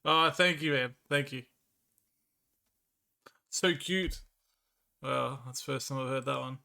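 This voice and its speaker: A man's voice: medium pitch, slow, vocal fry, bright, forceful tone. A young Australian man with a Victorian accent chatting casually with viewers on a live stream, laughing often and sounding bemused. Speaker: livestreamer.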